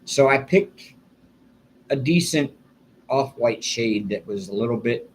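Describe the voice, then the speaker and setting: A man's voice: mid-range voice, lively intonation, measured pace, a little hiss or hum. An older man hosting a casual live stream, telling a long rambling story and chuckling often. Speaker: livestream host.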